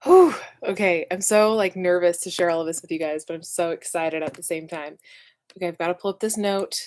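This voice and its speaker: A woman's voice: fairly low pitch, brisk, a little mellow, poor audio. A young woman hosting a casual livestream, chatty and emotional, with plenty of fillers. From Southern California. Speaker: channel host.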